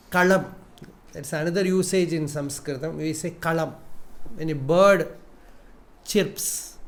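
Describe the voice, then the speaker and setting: A man giving a spiritual discourse as a teacher, measured in his delivery, repeating phrases and chanting verses. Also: on the high side. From India.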